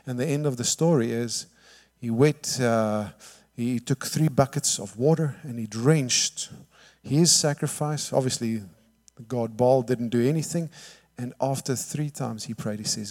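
A man's voice: medium pitch, a little slow. Preaching man in a reverberant hall. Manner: lively storytelling, acts out quotes, frequent "all right?" asides. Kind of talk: sermon.

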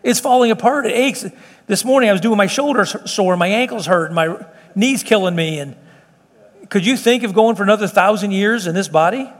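A man's voice: high-pitched, brisk, long reverb tail. A middle-aged man preaching a sermon in an earnest, conversational way, often restarting his sentences. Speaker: pastor. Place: church meeting room.

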